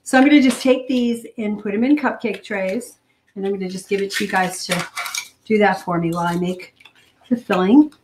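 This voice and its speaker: A woman hosts a live cooking demonstration, chatty and a little rushed as she thinks aloud between steps. Her voice sits at a middle pitch and carries through a roomy home kitchen. Pots, cutlery and dishes clatter clearly behind her. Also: slight background noise. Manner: hurried, chatty, thinks out loud. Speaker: cooking show host.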